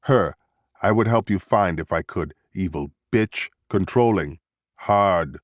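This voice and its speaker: A man's voice: low-pitched, slow pace, dry recording, clean studio sound. A man reading an audiobook voicing a guarded female detainee with a thick Saudi accent, speaking in terse, clipped phrases. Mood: bitter. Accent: Saudi Arabic.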